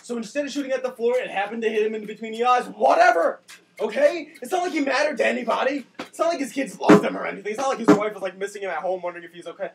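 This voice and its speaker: Fast-talking, ranting young man. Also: extremely high pitch, vocal fry. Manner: ranting, shouting bursts, sarcastic. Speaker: storyteller. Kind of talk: comic rant. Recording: distant mic with faint noise.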